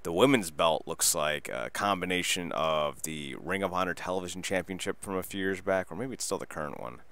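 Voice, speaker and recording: A man hosting a wrestling podcast, talking through a casual solo review in a rambling, excitable way and swearing freely. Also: low-pitched, brisk.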